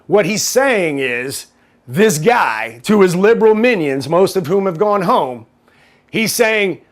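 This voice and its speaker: A male call-in show host with a somewhat high voice. He delivers a sarcastic, opinionated rant. His thoughts run on and stumble through restarts. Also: expressive, normal speed. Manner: ranting, sarcastic, rambling with many restarts.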